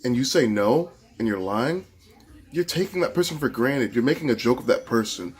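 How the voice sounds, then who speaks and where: A man's voice: mid-range voice, lively intonation, normal speed. A man vlogging at home, chatting earnestly and casually as he answers relationship questions, with asides and restarts. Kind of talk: casual vlog chat. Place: his home, walking from bedroom to kitchen.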